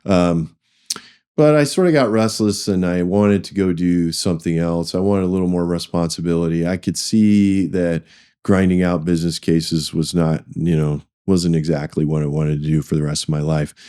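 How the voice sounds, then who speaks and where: A low-pitched, smooth, warm voice with fairly even intonation comes from a middle-aged man talking at normal speed. As a finance executive in a conversational interview, he rambles through career stories, restarting often and acting out quoted speech.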